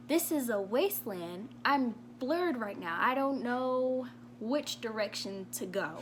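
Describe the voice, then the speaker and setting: Woman, young adult, faith vlog, heartfelt and emotional, average pitch, faint music behind. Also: a bit bright. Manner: heartfelt, emotional, laughs between lines. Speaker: vlogger. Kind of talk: personal faith testimony vlog.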